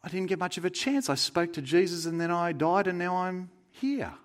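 Man doing a confused plain-spoken criminal, simple matter-of-fact answers, voice pitched higher, sermon story. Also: normal speed, natural voice. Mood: bewildered. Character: bewildered plain-spoken male crucified criminal, adult.

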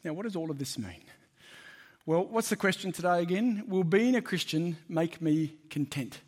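A man's voice: high-pitched, lively intonation, moderate pace. A man preaching a sermon, conversational and emphatic, asking the congregation questions.

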